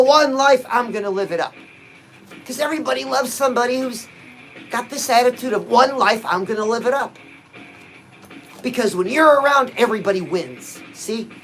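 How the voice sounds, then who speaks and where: A man's voice: high voice, a bit bright, poor audio. A man giving a punchy, exhorting motivational pep talk to his viewers, dropping frequent "oh"s as he talks. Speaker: motivational livestream host.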